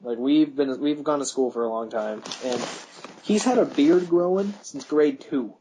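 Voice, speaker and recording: A man's voice: fairly high pitch, normal speed, dark tone, a little hiss or hum, poor audio. A young man co-hosting a podcast, rambling through school stories and laughing at his own anecdotes, with a voice that cracks. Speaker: podcast co-host. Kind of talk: casual chat.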